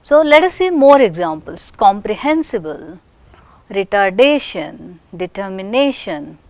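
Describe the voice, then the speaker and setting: A woman teaching a recorded phonetics lesson, slow and deliberate, drawing out each example word. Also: mid-range voice, sing-song, darkish tone, no echo.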